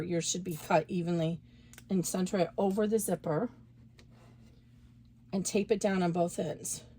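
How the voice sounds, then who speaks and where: A woman's voice: mid-range voice, a little mellow. A woman giving a casual, chatty sewing tutorial, talking through each step as she works and correcting herself along the way. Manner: chatty, self-correcting, talks while working. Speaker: embroidery instructor.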